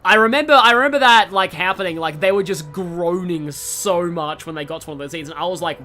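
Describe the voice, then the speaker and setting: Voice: mid-range voice, a little fast, few pauses, bright, forceful tone, faint music behind. A let's player giving casual, rambling gameplay commentary full of digressions.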